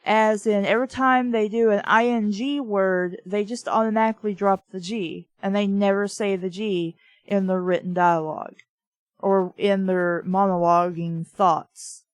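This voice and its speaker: A woman's voice: mid-range voice, steady tone, unhurried, no echo. A woman with a Southern American accent, chatting casually and ramblingly as a book reviewer. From Southern United States. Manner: chatty and rambling, full of "like" and "you know". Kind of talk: casual chat.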